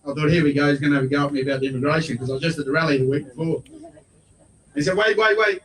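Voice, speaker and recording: A man's voice: a little high, level tone, very fast. Blunt Australian man giving a rally speech. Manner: blunt, folksy, building to shouted points. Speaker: politician speaking at a rally. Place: outdoor rally. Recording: voice picked up from far off.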